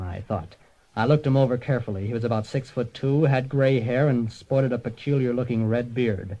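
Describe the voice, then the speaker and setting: A man's voice: medium pitch, warm tone, close to an everyday voice. A man playing a punning, bumbling detective. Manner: breezy, punning, self-satisfied. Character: bumbling wisecracking male private detective. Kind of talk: comic radio narration and acting. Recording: dull lo-fi old radio recording.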